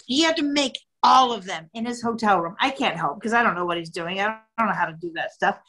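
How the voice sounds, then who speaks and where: A woman's voice: a little high, fairly bright tone, poor audio. A woman, a podcast guest, telling a travel story with lots of expression, often laughing and acting out quotes. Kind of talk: animated storytelling.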